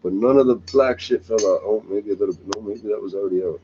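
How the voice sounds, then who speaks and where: A man's voice: on the low side, fast. A middle-aged man in a crude, scornful, profane ranting monologue. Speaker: vlogger. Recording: dull lo-fi recording with faint hiss.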